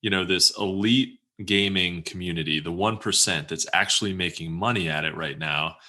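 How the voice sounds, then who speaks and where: A man's voice: sits low, moderate pace, sharp tone. A man co-hosting a podcast, asking questions in a casual, rambling way. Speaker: podcast co-host. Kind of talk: casual interview chat.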